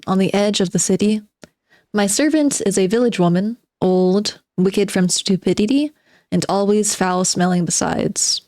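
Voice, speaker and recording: A woman's voice: medium pitch, dry recording, clean studio sound. A woman reading aloud as a spiteful, bitter forty-year-old male recluse who sardonically lectures his listeners. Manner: sardonic, self-mocking monologue addressed to "gentlemen".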